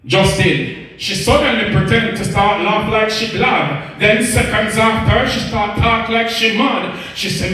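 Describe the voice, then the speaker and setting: A man's voice: high voice, measured pace, few pauses, a bit bright. A man performing spoken word poetry on the radio, reciting in a rhythmic, rhyming, preacher-like cadence. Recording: echoey, distant from the mic.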